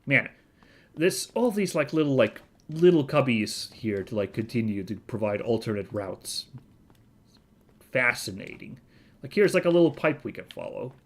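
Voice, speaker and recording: A man's voice: medium pitch, very animated, moderate pace, creaky. Chatty man thinking aloud over gameplay. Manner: chatty, thinks aloud, lots of fillers and self-corrections. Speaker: gaming video host. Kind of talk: casual let's-play commentary.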